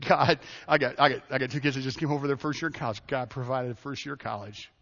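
A man's voice: mid-range voice, vocal fry, fairly bright tone. A middle-aged man preaching a sermon as pastor, telling personal stories in a folksy way and often restarting his sentences. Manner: folksy, storytelling with self-interruptions and laughs. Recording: dull audio with long hall reverb.

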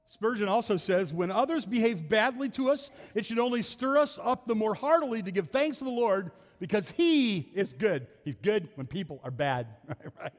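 Midwestern preacher guy, pretty high voice, middle-aged, lots of scripture and amens, big church echo. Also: lively intonation, moderate pace. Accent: American Midwestern. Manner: preaching with call-and-response, quoting scripture; drops to a soft, low storytelling voice in anecdotes. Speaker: pastor. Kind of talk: sermon. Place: church sanctuary. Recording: church hall reverb.

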